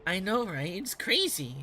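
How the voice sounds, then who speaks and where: A man's voice: sits high, a bit bright, husky. A man streaming a game, chatting casually with viewers, laughing often and swearing lightly. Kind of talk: casual live-stream chat.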